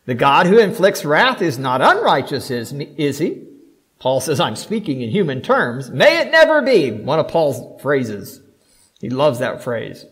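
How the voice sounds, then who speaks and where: A pastor delivering a sermon, preaching emphatically with rhetorical questions and shifting between soft asides and loud declarations. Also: male voice, mid-range voice, very animated, measured pace, poor audio.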